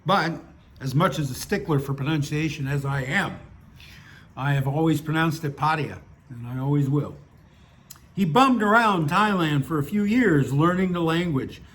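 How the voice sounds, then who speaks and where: An older man with a fairly high voice reads his own stories aloud. He keeps wandering off into chatty, self-mocking asides before he picks the thread back up. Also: expressive, moderate pace, fairly bright tone. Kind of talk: story reading with chatty asides.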